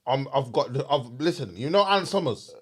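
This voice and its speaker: A young man, co-hosting a comedy podcast and doing a slangy mock business pitch. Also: expressive, brisk, breathy edge. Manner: slangy, giggling fits, sleep-deprived. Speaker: podcast co-host.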